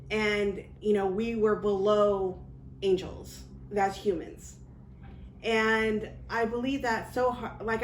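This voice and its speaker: A woman psychic medium recounts her own experience in loose, rambling speech full of restarts and fillers. Her voice sits at a middling pitch, and the recording is roomy with faint background noise. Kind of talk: casual personal storytelling.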